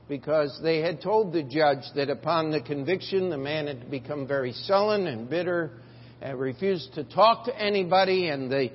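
Older male pastor, halting, filler-heavy sermon delivery; slightly high voice; reverberant, dull lo-fi church recording. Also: a little hiss or hum. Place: church sanctuary.

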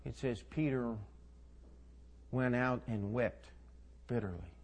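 A male preacher delivering a sermon, retelling scripture with folksy asides and dramatic swings between soft and loud. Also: medium pitch, slow.

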